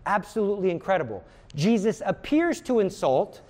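Emphatic male prayer teacher, high-voiced, earnest. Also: sing-song, moderate pace, darkish tone. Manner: earnest and emphatic, repeats words for stress. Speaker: religious teacher.

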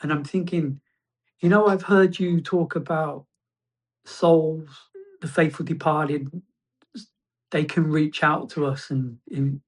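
A man sharing a personal testimony as a guest, reflective and halting, often restarting his phrases. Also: a little high, fairly even intonation.

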